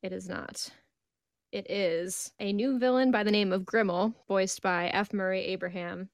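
A woman from Pennsylvania co-hosting a podcast, steering the talk in a brisk, matter-of-fact way. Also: mid-range voice, steady tone, no room sound, clean studio sound. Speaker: podcast co-host. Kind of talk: casual chat.

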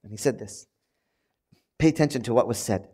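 A man, a priest, preaching a sermon with animated swings from loud emphatic lines to quiet asides, acting out quoted voices and repeating phrases for emphasis. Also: medium pitch, brisk, husky.

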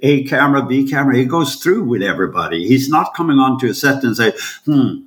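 Brief: lively male guest storyteller, mid-pitched, roomy room sound. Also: fast talker. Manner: animated, acts out voices, swears casually. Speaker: actor and guest. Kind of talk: casual anecdote telling.

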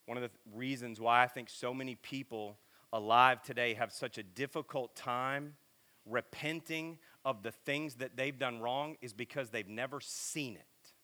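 A middle-aged man preaching a sermon in a casual, animated, self-deprecating storytelling way. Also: medium pitch, normal speed. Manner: animated, self-deprecating, lots of filler and repeats.

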